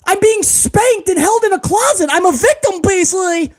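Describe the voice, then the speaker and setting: A man's voice: extremely high pitch, animated, normal speed, voice pushed up. A man putting on a comedic impression of a whining, pleading male wrestling executive who plays the victim. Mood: whiny. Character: whiny, self-pitying male wrestling executive.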